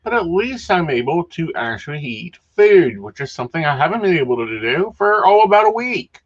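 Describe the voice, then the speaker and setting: Casting note: man, podcast co-host, lively pitch swings, dull lo-fi audio, dry humor. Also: a little fast. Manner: chatty, wry, recounting with dry humor. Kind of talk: casual chat. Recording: dull lo-fi sound.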